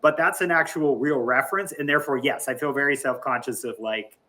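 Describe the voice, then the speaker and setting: Bright-voiced man rambling about his worries. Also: medium pitch, brisk. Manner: self-conscious, rambling, restarts often. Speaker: player. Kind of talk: casual chat in a tabletop game.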